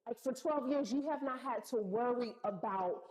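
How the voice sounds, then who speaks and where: A woman's voice: on the high side, normal speed, poor audio. A woman telling a personal story in a casual, slangy way, acting out what people said. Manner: animated, slangy retelling with acted-out quotes.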